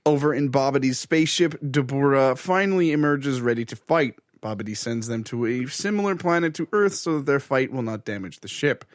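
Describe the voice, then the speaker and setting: A man's voice: medium pitch, expressive, a little fast, hardly any pauses, no room sound, clean studio sound. A young man co-hosting a podcast, reading plot summaries and giving laid-back reactions. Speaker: podcast co-host.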